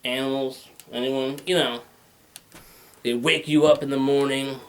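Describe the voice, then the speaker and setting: This stand-up comic in his thirties speaks at a medium pitch with little pitch movement and a measured pace. His set is rambling and crude, delivered into a handheld microphone, with characters voiced in big swings.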